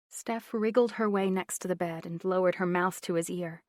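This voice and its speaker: A woman narrating a novel in an even, measured way. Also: on the low side, no echo, studio quality. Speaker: audiobook narrator. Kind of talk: scripted narration.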